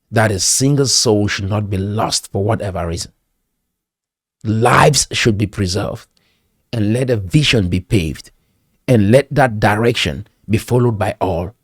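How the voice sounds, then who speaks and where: A man's voice: lowish voice, no room sound, clean studio sound. Cameroonian man giving a preachy pep talk. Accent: Cameroonian English. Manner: preachy, exhorting, repeats phrases for emphasis. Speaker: pastor and commentator.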